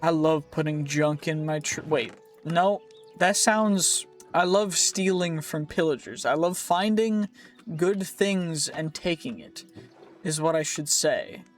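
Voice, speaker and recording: High-voiced man, playful game commentary. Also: slow, faint music behind. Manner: playful, rambling, self-joking. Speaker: gaming YouTuber. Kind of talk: let's play commentary.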